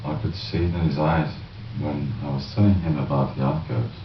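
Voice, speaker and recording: An actor playing an eager, shady gun dealer with an animated, salesy manner. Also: male voice, rumbling low, a little fast, background noise. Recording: roomy distant lo-fi film audio.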